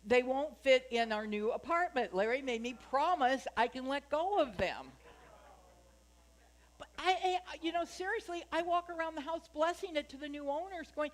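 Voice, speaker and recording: A woman minister preaches in a relaxed, conversational way, joking and putting questions to her congregation. Her voice sits a little above the usual pitch. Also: moderate pace. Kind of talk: sermon. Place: spiritual center sanctuary.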